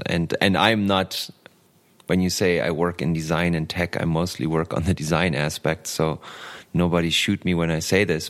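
A man's voice: deep voice, a bit bright. A man speaking as a guest on a tech podcast, hesitant with lots of restarts and a wry humor. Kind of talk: casual tech podcast chat.

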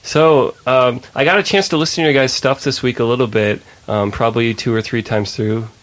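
A man hosting a podcast, asking questions in a relaxed, casual way with plenty of ums and hedges. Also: mid-range voice, fairly quick. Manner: relaxed, filler-heavy, hedging questions. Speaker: podcast host. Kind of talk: casual interview chat.

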